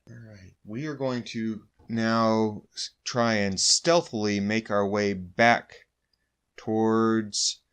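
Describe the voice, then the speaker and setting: A man's voice: on the low side, steady tone, takes it slowly, fairly bright tone, clear, resonant tone. A man playing a tabletop game, courteously asking the game master for things and planning his moves aloud. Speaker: player.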